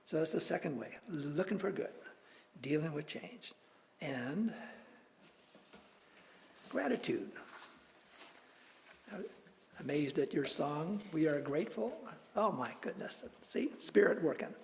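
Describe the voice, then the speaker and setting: A man's voice: fairly high pitch, slow, vocal fry, pauses often, a little hiss or hum. A male minister, likely older, telling personal stories in a sermon, chuckling often as he goes. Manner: storytelling, chuckles often, animated. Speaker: guest minister. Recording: church hall with long reverb.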